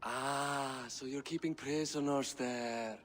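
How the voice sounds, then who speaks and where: A man's voice: steady tone, takes it slowly, fairly bright tone, in a large hall, slight background noise. An actor playing a jovial, hard-drinking Irish king who teases and laughs as he talks, in video game dialogue. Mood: teasing. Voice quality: booming, laughing, teasing.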